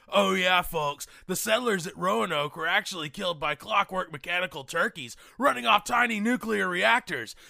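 A bellowing, paranoid radio conspiracy ranter, as a man puts him on for a comedy bit. The voice sits high and grinds with heavy gravel, bright and pushed forward, recorded close and dry. He hectors his listeners nonstop. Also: no room sound, exaggerated voice. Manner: frantic hectoring rant, keeps yelling "folks" and "wake up". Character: ranting paranoid middle-aged male conspiracy radio host. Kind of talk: comedy parody rant.

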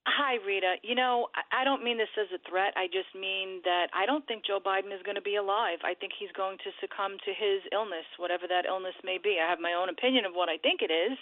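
A woman's voice: medium pitch, fast talker, hardly any pauses, no room sound. A woman calling into a radio show over a tinny phone line, with a dry, close sound. She states her view bluntly and matter-of-factly. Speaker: caller. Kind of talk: call-in radio talk.

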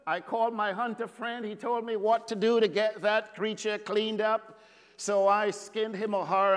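A man from Trinidad and Tobago, preaching a sermon with dramatic pauses and stretched words and joking with the congregation. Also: high-pitched, a bit bright, clean tone, long reverb tail.

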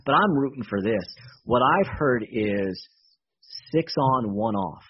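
A man explains things in an animated, casual way and often repeats himself. His voice is husky and slightly rough. The sound is dull and muffled, like a radio broadcast. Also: mid-range voice, measured pace. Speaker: baseball team executive guest.

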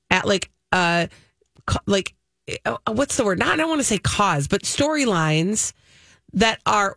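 A woman co-hosting a morning radio show, chatting casually with animated, teasing build-ups and lots of fillers. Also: mid-range voice, no echo. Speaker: radio co-host.

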